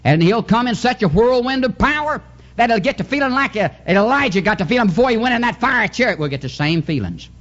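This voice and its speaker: A man preaching a fervent Pentecostal revival sermon, swinging his pitch and chuckling as he goes. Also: lively intonation, fast, fairly bright tone, highs cut off. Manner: fervent, sing-song preaching with sudden pitch jumps and chuckles.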